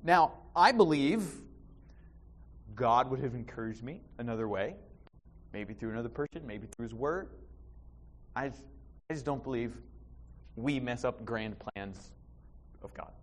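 A man preaching a sermon in church, animated, with restarts and sudden bursts of loud emphasis. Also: mid-range voice, unhurried, pauses often. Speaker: pastor.

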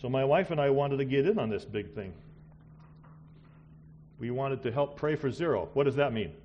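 A middle-aged man preaching a missionary sermon, swinging between loud exclamations and quiet asides. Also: mid-range voice, animated, normal speed, dull audio, slight background noise.

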